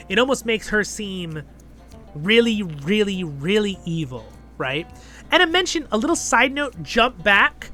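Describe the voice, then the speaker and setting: A man's voice: high-pitched, pushed and bright. A man hosting his show, giving a casual episode review in a chatty way and often tagging his points with "right?" and "okay?".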